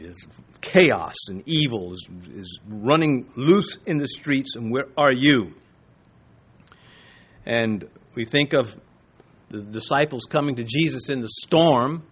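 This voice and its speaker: A man's voice: on the high side, a bit bright, slightly rough. A middle-aged male pastor preaching a sermon in a conversational way, with chuckles and asides.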